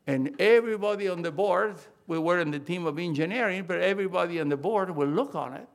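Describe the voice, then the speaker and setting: Older guy preaching, high voice, emphatic, keeps repeating the main point and restarting sentences. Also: fast talker, creaky. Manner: emphatic, repeats key phrases, frequent restarts. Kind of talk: sermon.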